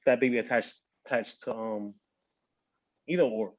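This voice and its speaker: A man's voice: medium pitch, normal speed, no echo. A man hosting a casual podcast chat, rambling and a little tipsy, slurring words now and then and dropping in Spanish. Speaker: podcast host. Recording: dull lo-fi sound.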